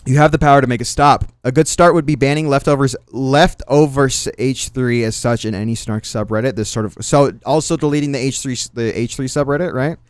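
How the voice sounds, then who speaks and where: A man's voice: medium pitch, brisk, few pauses, clear, resonant tone, dry recording. A man streaming, commenting on drama and reading chat with sarcastic asides and swearing. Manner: sarcastic, swears freely, trails off into mutters.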